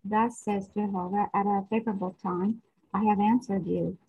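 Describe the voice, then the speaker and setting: A woman in a study group reading a long scripture passage aloud in a steady voice. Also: mid-range voice, moderate pace, slightly rough. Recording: muffled lo-fi call audio.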